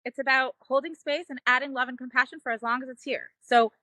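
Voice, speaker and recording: High, bright earnest woman. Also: steady tone, fast talker, no room sound. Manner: earnest, emotional, frequent "like" and "you know". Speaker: parenting guest, mother. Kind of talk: heartfelt personal storytelling.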